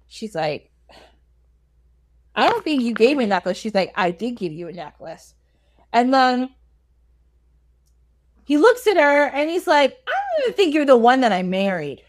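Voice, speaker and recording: A woman's voice: high-pitched, wildly swooping pitch, normal speed, long pauses, no echo. A woman casually retelling a fairy tale with slangy comic asides, laughing often. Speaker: storyteller guest.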